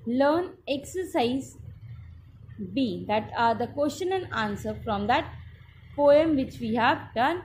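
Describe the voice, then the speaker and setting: A woman teacher with an Indian English accent, giving a slow, patient class lesson that spells out each step. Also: sits high, expressive, a little hiss or hum.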